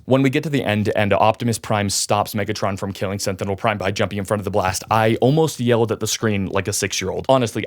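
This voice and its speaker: A man's voice: on the low side, a little mellow, no room sound, studio quality. A man reviewing a film on his channel, ranting in a sarcastic, exasperated way. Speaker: movie reviewer. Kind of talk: opinionated video review.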